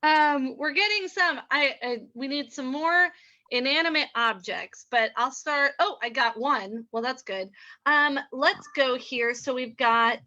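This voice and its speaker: A woman's voice: sits high, unhurried, sharp tone, highs cut off. Giggly woman hosting an improv game. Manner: giggly and chatty.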